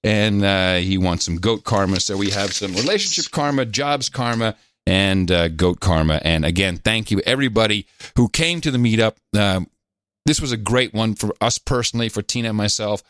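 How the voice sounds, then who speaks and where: A man hosting a podcast, reading out listener donations and notes in a casual, halting way with many filler pauses. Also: lowish voice, a bit bright. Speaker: podcast host.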